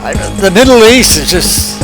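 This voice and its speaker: A man giving a slow, hesitant spoken introduction with fillers. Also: high-pitched, animated, poor audio. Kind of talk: spoken introduction over music. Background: clear background music.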